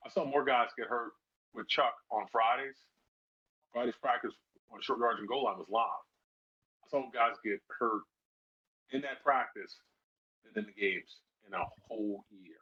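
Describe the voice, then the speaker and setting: A middle-aged man, a former football player, telling lively stories in a casual interview and acting out the people he quotes. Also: mid-range voice, normal speed, long pauses, breathy edge. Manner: animated storyteller who acts out quoted voices. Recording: slightly dull lo-fi sound.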